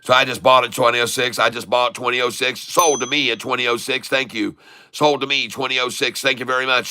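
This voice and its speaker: A man streaming his live day-trading, excitable, calling out prices over and over and taunting short sellers. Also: mid-range voice, fast talker, a little hiss or hum. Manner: addresses viewers as folks, taunts short sellers.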